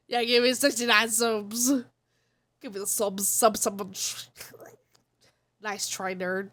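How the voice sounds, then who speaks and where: A woman's voice: a little high, big pitch swings, extremely slow, long pauses. A woman streamer with a stuffed-up, congested voice, chatting casually and teasing her viewers. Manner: playful, teasing the chat. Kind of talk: casual live-stream chat.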